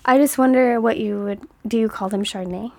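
Chatty giggly lady, kinda high voice, dry close sound. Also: fairly quick, vocal fry, dark tone, dry recording. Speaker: co-host. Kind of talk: casual chat.

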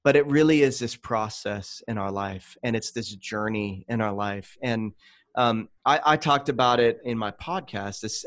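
A man in his late thirties, a guest author on a faith podcast, talking earnestly and telling animated stories with quoted asides. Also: medium pitch. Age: 30s. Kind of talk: conversational interview.

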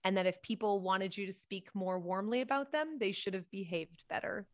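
A woman comedian, a guest on a podcast, telling stories in animated, quick bursts. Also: medium pitch. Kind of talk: casual podcast chat.

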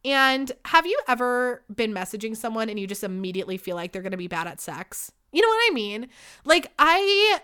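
A young woman hosting her own podcast, talking candidly and with lots of swearing as she tells stories. Her voice sits a bit high and sounds bright and clear. The delivery is quick to swing from animated bursts to low asides. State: sick. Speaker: podcast host. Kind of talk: casual solo podcast storytelling.

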